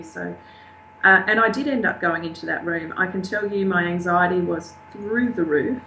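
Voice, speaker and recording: Older female guest, halting emotional storyteller, roomy echo, faint hum. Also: fairly low pitch, sharp tone. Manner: emotional, halting, acts out quoted voices. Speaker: interview guest. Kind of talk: personal storytelling in an interview.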